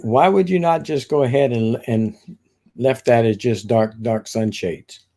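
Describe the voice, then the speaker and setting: A man joins the live stream and speaks bluntly and casually. His voice sits at an ordinary medium pitch. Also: measured pace, warm tone. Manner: blunt, casual, curses lightly.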